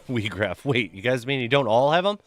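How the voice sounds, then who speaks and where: A man's voice: medium pitch, moderate pace, slight background noise. A young man streaming a game, chatting casually with viewers, reading names from chat and telling crude, joking stories. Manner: loose, profane, joking storyteller reading chat.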